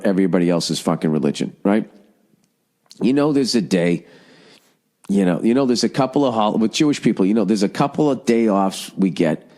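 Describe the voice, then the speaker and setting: A middle-aged man hosting a podcast, rambling casually with lots of swearing and sarcastic rants. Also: darkish tone. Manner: profane, ranting, sarcastic, jumps into high mocking voices. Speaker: podcast host.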